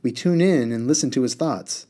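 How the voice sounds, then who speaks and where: A man's voice: medium pitch, moderate pace, dark tone, natural voice. A man voicing a small, cross, blue-bearded male water genie who rattles off strings of stock phrases. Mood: pompous.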